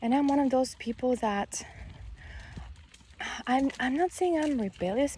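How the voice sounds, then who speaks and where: A woman's voice: high voice, a little slow, long pauses, darkish tone, a little hiss or hum. A mother talking casually to her viewers while pushing a stroller along a country road, a little out of breath and rambling with many fillers. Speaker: vlogger, mother of five. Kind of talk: casual vlog talk while walking.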